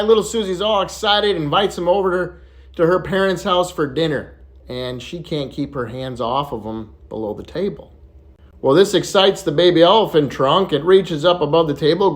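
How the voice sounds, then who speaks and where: A man telling off-color jokes in a casual way, who laughs loudly at his own punchlines. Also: high voice, moderate pace. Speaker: joke teller.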